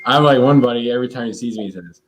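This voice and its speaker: A man's voice: medium pitch, very fast, faint music behind. A young man with a slight country twang, joking around in a casual family chat. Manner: relaxed, joking, lively intonation.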